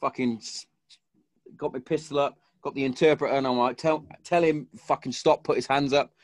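A man's voice: medium pitch, steady tone, moderate pace, a little mellow, no echo, studio quality. A man and army veteran, telling a war story in casual chat with a lot of swearing and acted-out quotes.

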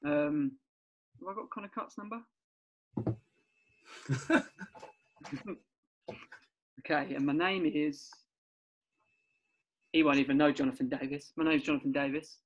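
Casting: male podcast co-host, a bit high-pitched, loose banter. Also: measured pace, long pauses, muffled recording. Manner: laughing, swearing, loose and chatty.

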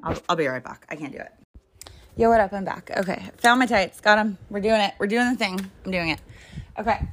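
A woman's voice: medium pitch, fairly bright tone. A young woman telling a frustrating story at home in a casual, profane, exasperated way while she hunts for her clothes. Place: at home, moving around looking for things.

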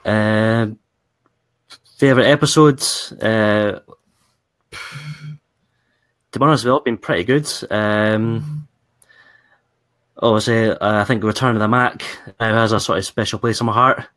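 A man's voice: lowish voice, takes it slowly, pauses often. A man with a Scottish accent, a guest calling in by video, talking in an easygoing, slightly tired way. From Scotland. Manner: relaxed and easygoing, a little tired. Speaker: call-in guest. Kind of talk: casual chat over video call. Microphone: video call.

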